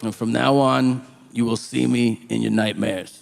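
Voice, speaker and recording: A man playing a scarred, menacing prison inmate who threatens kids in a low, quiet voice, in a live stand-up recording. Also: little pitch movement, unhurried, creaky.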